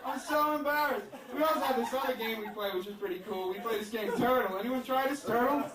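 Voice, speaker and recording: A man's voice: extremely high pitch, fast. A male stand-up comedian rambling through a crude, self-deprecating set with lots of fillers. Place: comedy club stage with a laughing crowd. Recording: echoey club, distant mic, loud crowd laughter.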